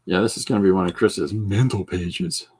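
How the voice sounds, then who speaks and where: A man with a deep, somewhat mellow, husky voice hosts a podcast livestream at normal speed. He draws while chatting casually, rambling, joking with viewers and reacting to the chat.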